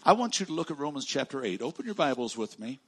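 A man preaching a sermon as pastor repeats words to stress them, swinging from loud declarations to hushed, slow lines. His voice is medium-pitched, husky and very animated.

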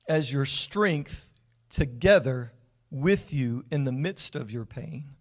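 Folksy pastor with a higher voice. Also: male voice. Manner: folksy, joking and conversational, asks the congregation questions. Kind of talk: sermon. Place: church sanctuary with congregation.

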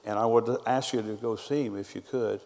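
A man's voice: lowish voice, fairly even intonation, brisk, a little mellow, big-room sound. A middle-aged man, a pastor preaching a sermon and telling stories, quoting people's words back and forth. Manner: storytelling preacher, quoting others in conversation.

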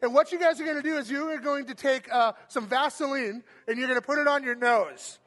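Very high-voiced, forceful energetic man. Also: fairly quick. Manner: energetic, shouting cheers and countdowns; playful, joking asides. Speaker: church game host and speaker. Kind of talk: live stage talk to an audience.

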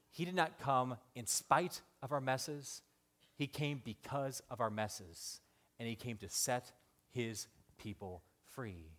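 A man in his thirties preaching a sermon. He swings from loud, excited appeals to hushed, emotional storytelling, with halting restarts along the way. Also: medium pitch. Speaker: pastor.

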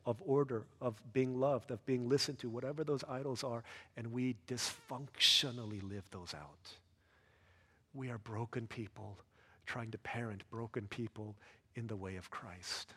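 A man preaching a sermon as a pastor, earnest, rising to loud emphatic peaks and dropping soft and low. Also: steady tone, normal speed, husky, long reverb tail.

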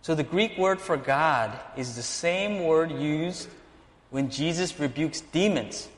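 A man preaching a sermon, animated, acting out the lines of the people in his story. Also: fairly high pitch, slow, in a large hall. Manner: animated preaching, acts out dialogue. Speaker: pastor.

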